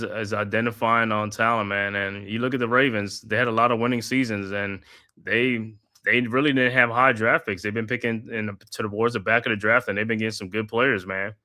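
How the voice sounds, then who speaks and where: A man at medium pitch hosts a live watch-party, calling the action play by play in a continuous stream with offhand slang comments.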